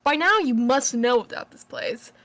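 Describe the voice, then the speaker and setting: A woman's voice: high-pitched, expressive, normal speed, fairly bright tone. A woman reading a letter aloud as a cheerful, earnest girl, in her own voice.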